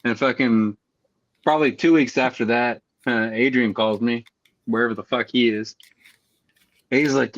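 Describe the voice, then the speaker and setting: A man's voice: medium pitch, fairly even intonation, normal speed, pauses often, dry recording, lo-fi sound. A man co-hosting a podcast, telling work stories in casual chat, swearing often and acting out the people he quotes. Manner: storytelling, acts out quoted calls, swears freely. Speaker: podcast co-host.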